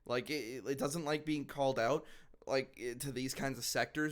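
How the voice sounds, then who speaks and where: A man at a middle pitch, co-hosting a casual podcast chat. He argues his points and often stumbles and restarts. He fills gaps with small hesitations. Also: fairly even intonation, moderate pace. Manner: argumentative, restarts sentences, frequent uh and like. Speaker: podcast co-host.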